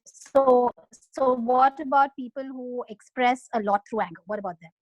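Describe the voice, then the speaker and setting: A woman's voice: a little high, moderate pace, dry recording, lo-fi sound. A woman taking part in a workshop, asking the coach a question in a polite, hesitant way. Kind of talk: question from the audience on a call.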